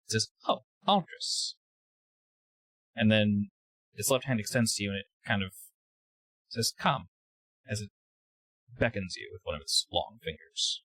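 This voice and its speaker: A man narrating a tabletop role-playing scene as game master, with a hesitant delivery and pauses filled with "uh". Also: on the low side, fairly bright tone, dry recording, low-quality recording.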